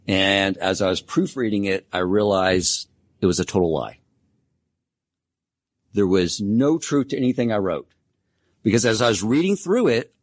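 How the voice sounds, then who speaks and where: A man's voice: sits low, no room sound. A man teaching a Torah class in a casual, conversational way. He tells stories with self-deprecating humor.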